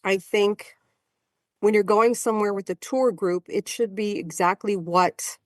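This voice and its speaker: A woman in her sixties, a marathon runner guesting on a podcast, telling stories in a chatty, animated way. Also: medium pitch, a little slow, no echo, clean studio sound. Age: 60s. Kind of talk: casual storytelling chat.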